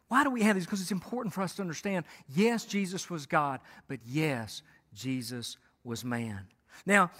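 A man's voice: high-pitched, fairly bright tone, big-room sound. A pastor preaching a conversational sermon, often restarting his words and checking in with "right?".

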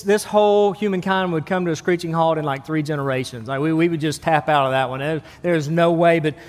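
A male pastor preaching a casual, halting sermon with frequent restarts, asking the congregation for amens. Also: high voice. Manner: conversational, many restarts, calls for amens. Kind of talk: sermon with humor and prayer. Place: church sanctuary. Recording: long church hall reverb.

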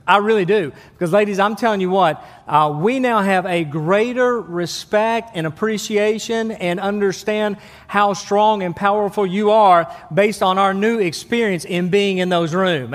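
A male pastor preaching a casual, halting sermon with frequent restarts, asking the congregation for amens. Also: high-pitched. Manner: conversational, many restarts, calls for amens. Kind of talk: sermon with humor and prayer. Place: church sanctuary. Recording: long church hall reverb.

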